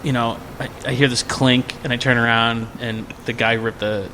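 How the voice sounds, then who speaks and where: With a little hiss or hum in the background, a medium-pitched podcast guest at a moderate pace tells a casual story of a drunken convention. He's lively, delivering the quoted parts in a raised voice.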